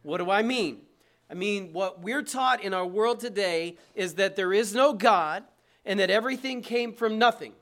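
A man's voice: sits high, moderate pace, fairly bright tone. A man preaching a sermon from the pulpit, emphatic and conversational, with asides to the congregation. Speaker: pastor. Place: church.

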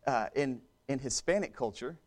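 A man's voice: medium pitch, moderate pace. A man preaching a sermon in a conversational way, repeating and restarting phrases and turning to the congregation with asides.

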